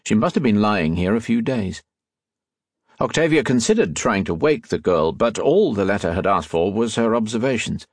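Husky low-voiced male audiobook narrator. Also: no echo, studio quality. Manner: measured, expressive storytelling.

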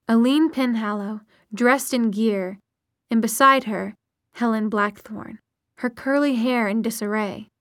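A woman narrating a novel aloud in a steady, measured storytelling manner. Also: a little high, no room sound, studio quality. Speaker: audiobook narrator. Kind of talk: audiobook narration.

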